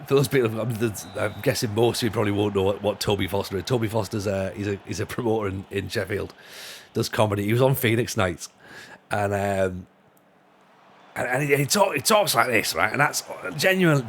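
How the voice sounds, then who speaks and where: A man rambles and jokes on a live stream while gaming, restarting his sentences constantly and laughing. His voice sits fairly low with a slightly bright quality. Recorded in a room at home, the audio has a little hiss or hum.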